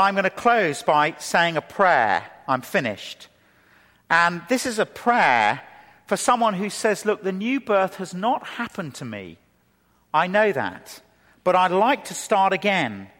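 A man preaching a sermon who speaks with lively emphasis and slows into a hushed, measured tone when leading a prayer. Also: high voice. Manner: lively delivery, drops to a slow hushed tone for prayer. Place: church hall. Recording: reverberant hall.

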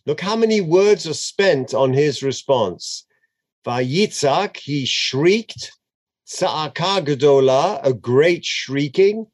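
Animated man chanting and explaining scripture. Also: a little high, slow. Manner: chants Hebrew verses then translates, dramatic and expressive. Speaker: Torah teacher. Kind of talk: animated text study lesson.

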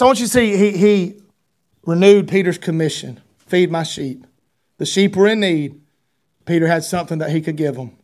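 A man preaching a sermon, quoting King James scripture and building to fervent cries. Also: high-pitched. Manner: animated preaching, reading scripture in King James wording, rising to shouts.

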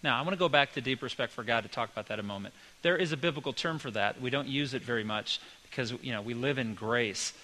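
A man's voice: medium pitch, quick pace, hardly any pauses, pushed and bright, rough recording. A male pastor giving a sermon in a folksy, conversational way, weaving personal stories into his teaching.

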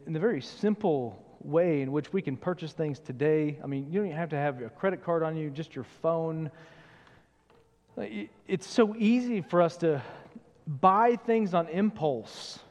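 A man's voice: a little high, darkish tone, long reverb tail. A man, a pastor, preaching a sermon earnestly and questioning his listeners. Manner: earnest, questioning, acts out quoted voices.

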